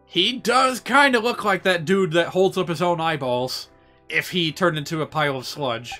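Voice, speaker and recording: A man streaming a video game, chatting in an excitable, rambling way with lots of asides. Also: sits high, moderate pace, soft background music. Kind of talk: casual gaming commentary.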